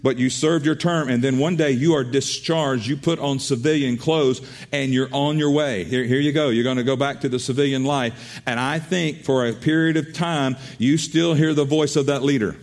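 A man's voice: medium pitch, steady tone, normal speed. A man preaching a sermon as pastor, earnest, often repeating and restarting his words.

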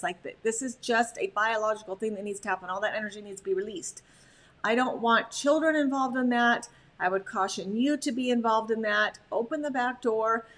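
A woman dog trainer giving a chatty, animated slide talk on puppy behavior, full of "like" fillers. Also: a little high.

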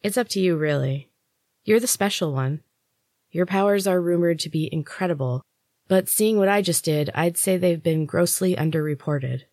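A woman voicing a secretive young female servant who talks in a hushed, hurried way. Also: on the low side, no room sound, clean studio sound, natural voice.

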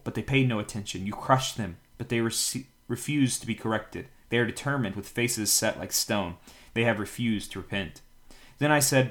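A man with a fairly low voice reads a long scripture passage aloud as a podcast host. His delivery is steady and plain, with an occasional slip that he quickly corrects. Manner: steady reading with occasional stumbles and self-corrections. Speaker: Bible reading podcast host.

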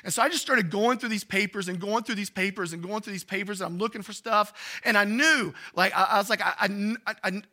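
A man, a pastor telling a personal story in an animated way during a sermon. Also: sits high, fairly quick, few pauses. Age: 40s.

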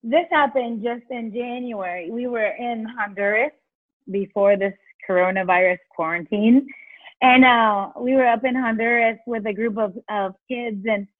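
A woman's voice: on the high side, unhurried, dry recording. A woman telling faith stories as a guest, acting out the quotes. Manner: animated storyteller, acts out quotes. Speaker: guest, children's ministry leader. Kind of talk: storytelling in a faith interview. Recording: tinny phone-like line.

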